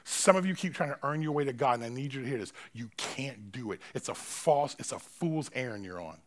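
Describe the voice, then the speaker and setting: A male pastor preaching a sermon in a church, swinging between loud, forceful preaching and quiet, close talk in casual, slangy phrasing. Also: mid-range voice, expressive, fairly quick. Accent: Southern American.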